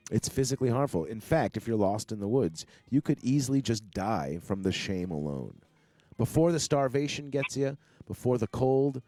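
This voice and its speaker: A man's voice: fairly low pitch, dark tone, dry recording. A young man hosting a casual online talk show, rambling with many fillers and restarts. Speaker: podcast host. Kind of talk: casual chat.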